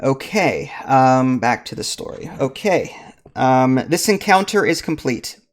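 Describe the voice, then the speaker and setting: A man's voice: medium pitch, animated, unhurried. A man hosting a board game playthrough, reading the story text aloud and joking around. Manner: jokey, laughs at his own jokes. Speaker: game master and channel host.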